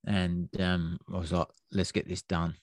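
A man's voice: low voice, little pitch movement, unhurried, dry recording. A man casually recounting a long trail race on a podcast, rambling and easygoing with plenty of fillers. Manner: rambling, laid-back storytelling with fillers. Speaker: podcast host and ultra runner. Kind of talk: casual race recap chat.

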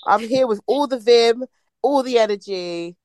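A woman's voice: fairly high pitch, a little slow, darkish tone, no room sound. A woman in her late twenties co-hosting a podcast over a video call, playful and teasing, laughing often. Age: late 20s. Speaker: podcast co-host. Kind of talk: casual chat.

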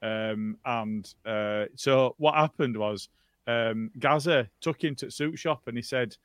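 A man's voice: medium pitch, a little slow, clean tone, no room sound. A man co-hosting a casual podcast, teasing the others in a dry, easygoing way. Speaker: podcast co-host. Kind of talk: casual chat.

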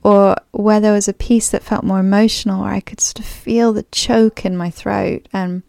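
Raised abroad as a third culture kid, a woman with a clipped, bit-posh English accent thinks aloud in a solo podcast monologue, full of ums and restarts. Her mid-range voice is creaky and mellow, level in tone and moderate in pace, with studio quality and no room sound.

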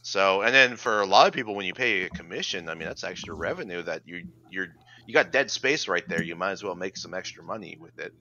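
A man's voice: low-pitched, expressive, fairly quick, hardly any pauses, pushed and bright, a little hiss or hum. A man in a casual livestream chat, explaining business points steadily. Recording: dull lo-fi stream audio.

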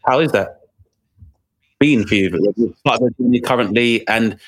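A man asking interview questions in a halting way, searching for words and restarting often. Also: mid-range voice.

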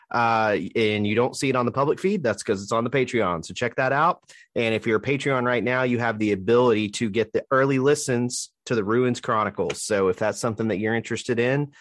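A man from Alabama hosting a casual podcast chat in a relaxed, chatty way. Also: medium pitch, no echo, studio quality. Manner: relaxed, chatty, plugs the show. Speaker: podcast host.

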